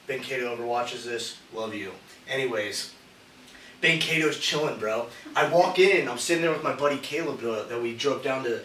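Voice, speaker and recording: Podcast co-host, male, bright, loose, profane storyteller; roomy room, off-mic, faint hiss. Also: mid-range voice, normal speed, distant mic. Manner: rambling, profane, says "dude" constantly. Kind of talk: casual storytelling chat.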